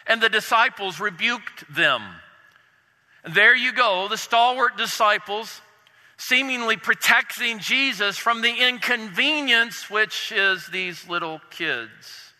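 A man preaching a sermon with drama, dropping his voice low and soft to stress points. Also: slow pace, in a large hall, low-quality recording. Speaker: pastor.

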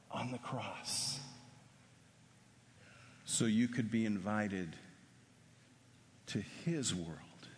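A man's voice: on the low side, slight background noise. A preacher voicing an earnest male college professor who speaks patiently, recorded in an echoey hall. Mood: solemn.

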